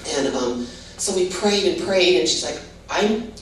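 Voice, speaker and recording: Speaking at an unhurried pace, this older woman from Hawaii has a fairly low, expressive voice as she gives her testimony as a guest. Her telling is loose and informal, peppered with "you know" and false starts. It's captured from afar in a roomy space, with a little background noise.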